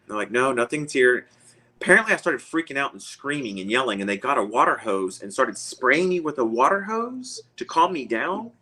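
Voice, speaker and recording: A man's voice: mid-range voice, big pitch swings, fairly quick, few pauses, bright, forceful tone, rough recording. Chuckling man telling a rambling story. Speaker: guest. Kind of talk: casual storytelling.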